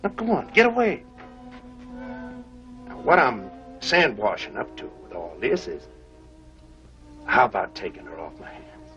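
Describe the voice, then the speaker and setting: An older actor playing a weathered, tender-hearted prospector in an old western, with folksy frontier talk. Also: male voice, mid-range voice, wildly swooping pitch, unhurried, long pauses, a bit bright. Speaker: gold prospector. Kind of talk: 1950s film acting. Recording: dull old film soundtrack with music.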